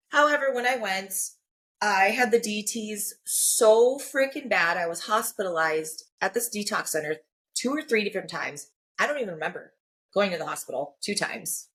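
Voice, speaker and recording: On a podcast, a female guest speaks frankly about her own life in a lowish, somewhat bright voice. Her delivery leans on frequent "like" and "you know," and she keeps voicing the lines of people she quotes.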